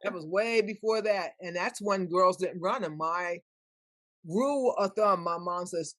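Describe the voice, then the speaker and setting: With a lowish voice and a slightly slow pace, an older woman tells animated stories as a podcast guest. She acts out the voices of those she quotes, with no room sound in the recording.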